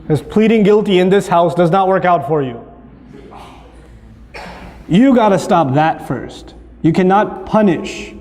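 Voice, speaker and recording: A man giving a humorous, animated talk about parenting, acting out scenes in different voices. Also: high-pitched, measured pace, pauses often, long reverb tail.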